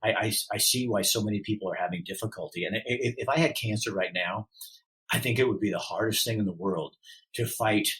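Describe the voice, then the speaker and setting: Man, middle-aged, low voice, podcast guest, lively storyteller acting out quotes. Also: a little fast, low-quality recording. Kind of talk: storytelling in an interview.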